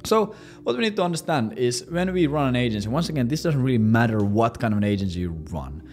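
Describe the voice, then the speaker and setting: A man's voice: sing-song, quick pace. A brash young man in his twenties talks through sales tactics in a casual, profane coaching style. His voice sits mid-range, and faint music plays underneath. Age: 20s. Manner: brash and profane, acting out squeaky high voices. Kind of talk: casual instructional monologue.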